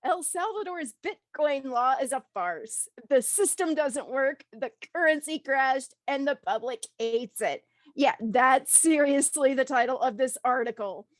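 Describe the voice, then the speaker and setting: High-voiced woman, wry and blunt. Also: measured pace, dry recording. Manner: wry, laughing, blunt asides. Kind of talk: casual chat, reading an article.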